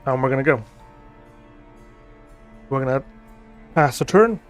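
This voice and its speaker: A man's voice: medium pitch, lively intonation, a little slow, faint music behind. A man giving thinking-aloud commentary as he plays a digital board game, reading card text aloud and musing with frequent ums.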